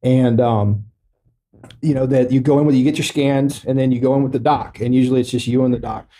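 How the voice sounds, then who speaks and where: A middle-aged man, a military veteran, tells his story on a podcast in a mellow, warm voice. He jokes dryly about grave things, and his speech is loose and halting, full of fillers. His pitch sits in the usual middle range for a man. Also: fairly even intonation. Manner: wry, joking matter-of-factly about grave events. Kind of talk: casual storytelling in a podcast interview. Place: podcast studio.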